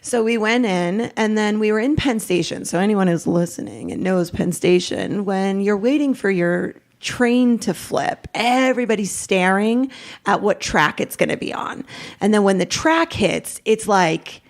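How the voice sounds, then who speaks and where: A middle-aged woman, a podcast guest, telling a raw personal story in a rambling, animated way, acting out what each person said. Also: medium pitch, unhurried. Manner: rambling, animated retelling with quoted dialogue.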